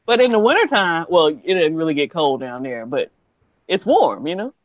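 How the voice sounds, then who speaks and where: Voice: mid-range voice, big pitch swings, normal speed. Teasing co-host on a dull stream line. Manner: teasing, laughing. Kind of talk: casual livestream chat.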